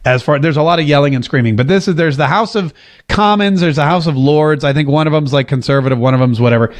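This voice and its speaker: A man talks through a political commentary podcast in a fairly high voice. He is emphatic and drives home his points by repeating phrases. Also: fast. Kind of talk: opinionated podcast monologue. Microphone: seated at a desk mic.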